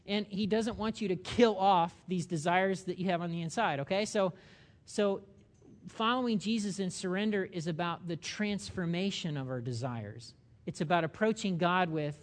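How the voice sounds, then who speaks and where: Animated man preaching a sermon. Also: high voice. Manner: animated, acts out little voices and asides, repeats "okay?". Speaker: pastor.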